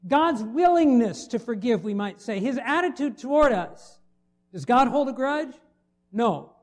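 A man's voice: very high-pitched, expressive, measured pace. A middle-aged man preaching a sermon, conversational and full of rhetorical questions to the congregation. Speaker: pastor.

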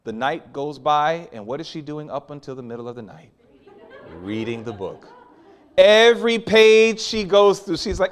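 A man preaching a sermon, animated and storytelling, with sudden loud peaks. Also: on the high side, normal speed.

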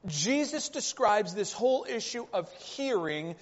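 A man's voice: sits high, sing-song, measured pace. A man preaching a sermon, working through rhetorical questions and repeated phrases. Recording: reverberant hall, dull lo-fi sound.

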